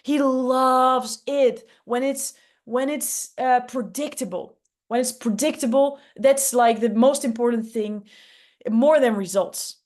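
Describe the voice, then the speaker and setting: Casting: woman playing an orderly, rule-obsessed male minion, emphatic and drilling, mid-high voice. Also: slow pace, darkish tone. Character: orderly male brain minion loving rules.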